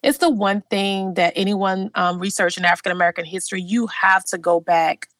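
A woman's voice: mid-range voice, fairly even intonation, fairly quick, a bit bright, no room sound. A young adult woman from Louisiana, telling her family history in an interview, earnest and reflective with frequent fillers. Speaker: interviewee, genealogist. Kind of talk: personal storytelling in an interview.

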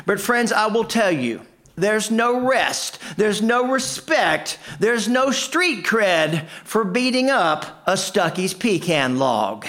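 A man performing a comic tall tale, with a deadpan, punchy delivery. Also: high voice, slow. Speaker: storyteller.

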